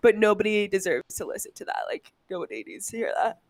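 A woman's voice: mid-range voice, very animated, fast, dry recording. A woman co-hosting a podcast, teasing her co-host in rambling casual chat full of fillers.

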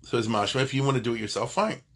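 Husky man teaching a Talmud class. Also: mid-range voice, rapid-fire. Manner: digressive, conversational, self-correcting. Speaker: Torah teacher.

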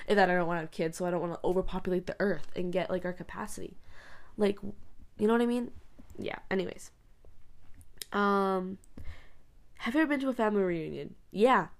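A young woman chatting casually in a vlog, rambling with many fillers and frequent giggles. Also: fairly low pitch. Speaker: vlogger. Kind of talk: casual chat. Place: bedroom.

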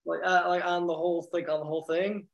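A man who is a student in a Talmud class, reading the commentary aloud haltingly and then paraphrasing it. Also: high voice, flat delivery, vocal fry, highs cut off.

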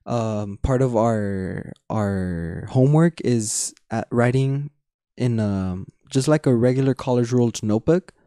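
In clean, dry studio audio, a young man with a dark, mid-range voice takes his time while co-hosting a podcast. It's casual, rambling talk with fillers, restarts and plenty of laughs.

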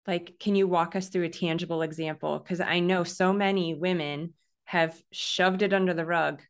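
A woman's voice: fairly low pitch, steady tone, moderate pace. A woman hosting a podcast, asking her guest questions and echoing her words back. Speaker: podcast host. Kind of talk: conversational interview.

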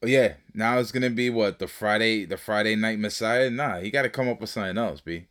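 Laid-back, lower-voiced man agreeing along. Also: brisk, fairly bright tone. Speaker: podcast co-host. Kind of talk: casual wrestling chat.

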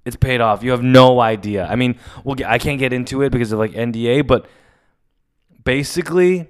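Man, solo podcast host, confessional, rambling, emotional, smooth clear voice, mid pitch. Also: a little fast. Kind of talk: casual solo podcast monologue.

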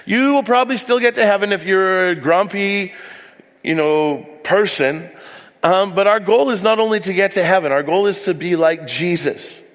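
Man, pastor, sermon, slightly high voice, candid storytelling, long reverb in a church hall. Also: moderate pace, fairly bright tone. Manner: candid, self-deprecating storytelling with asides.

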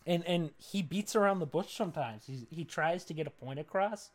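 A young man talks loosely on a casual podcast, stacking "like" and restarts as he drifts through long tangents. His voice sits a little high for a man. He sounds worn out and self-deprecating. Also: lively intonation, normal speed. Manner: rambling, filler-heavy, self-deprecating. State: tired. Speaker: podcast co-host. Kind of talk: casual chat.

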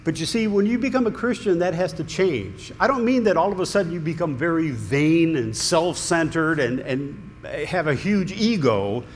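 A man preaching a sermon in a conversational, earnest way, with small restarts. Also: on the high side. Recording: long hall reverb, faint room noise.

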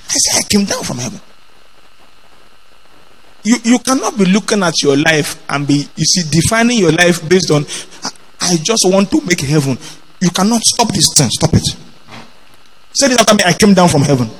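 A man's voice: high voice, big pitch swings, normal speed, pauses often, a bit bright, slight background noise, poor audio. A man preaching a sermon, leading the congregation in call-and-response and acting out quotes in different voices.

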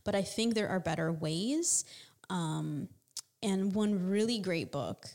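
Gravelly low-voiced woman giving advice. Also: expressive, slow pace, darkish tone. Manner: earnest, advice-giving, laughs often. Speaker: co-host. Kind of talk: casual chat.

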